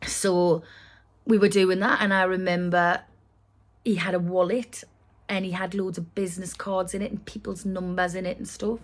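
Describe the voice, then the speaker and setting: A woman's voice: lowish voice, fairly even intonation, a little slow. A woman telling a long personal story, full of restarts and asides. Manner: rambling, with many restarts and asides. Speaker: vlogger.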